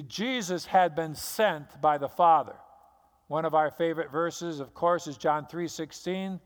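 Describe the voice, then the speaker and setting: A long echo trails every phrase as a pastor preaches, apparently in a church hall. His voice is high and bright, and he tells the story with drama, acting out its scenes.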